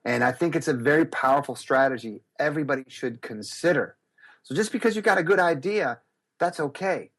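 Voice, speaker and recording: A middle-aged man telling stories as an interview guest, acting out quotes with big jumps in his voice. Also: fairly quick. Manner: lively, acts out quotes with big pitch jumps. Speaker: guest speaker and business coach. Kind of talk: animated storytelling interview.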